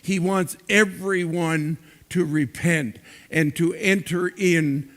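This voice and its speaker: Slow, high-voiced male preacher. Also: steady tone, fairly bright tone. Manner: slow, emphatic preaching with repeated words. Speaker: pastor. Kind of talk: sermon.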